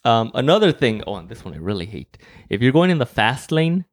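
A man, co-hosting a casual podcast chat and ranting about drivers in an animated, sweary way that keeps turning shouty. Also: medium pitch, a little fast. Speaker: podcast co-host.

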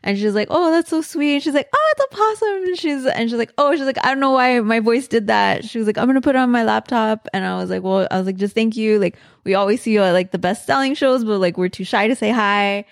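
A woman's voice: on the high side, fast, vocal fry, few pauses, dry recording, clean studio sound. A woman telling a story in a casual chat with her husband, full of fillers and swearing. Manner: swears a lot, many fillers.

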